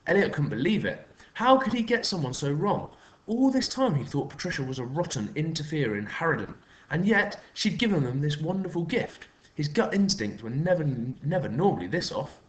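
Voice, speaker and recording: A man, a teacher reading a children's story aloud in an expressive, lively way. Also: medium pitch, moderate pace.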